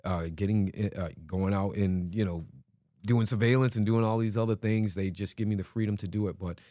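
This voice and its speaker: A man's voice: fairly low pitch, steady tone, a little fast, mellow, dry recording, studio quality. A man who works as a police detective, a guest in a casual interview, explaining things through examples.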